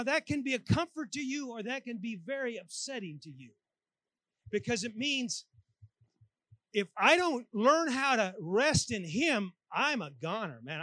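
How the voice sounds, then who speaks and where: A man preaches to a church congregation, voice high and bright. He acts out his own prayers in animated bursts, and the sound is dry and close, with little room echo. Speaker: pastor. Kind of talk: sermon. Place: church sanctuary.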